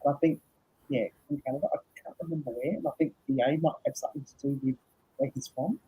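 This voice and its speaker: A tired woman hosting a casual live chat, laughing often and reading out viewers' comments in a husky voice. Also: sits low, steady tone, fast, mellow. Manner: chatty, laughs often, reads comments aloud. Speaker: host. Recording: dull lo-fi stream audio.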